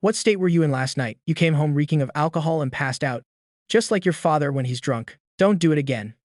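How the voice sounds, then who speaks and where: A woman's voice: low voice, lively intonation, fairly quick, a little mellow, dry recording, clean studio sound. A man voicing a stern middle-aged mother who nags and scolds her son, in an audio story. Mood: scolding. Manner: nagging, scolding.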